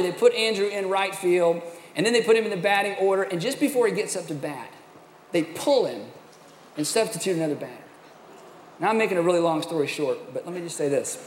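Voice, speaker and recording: Middle-aged pastor guy telling a story from the pulpit, kinda high voice, big echoey hall. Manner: animated, self-mocking storyteller. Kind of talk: sermon storytelling. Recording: echoey hall, faint room noise.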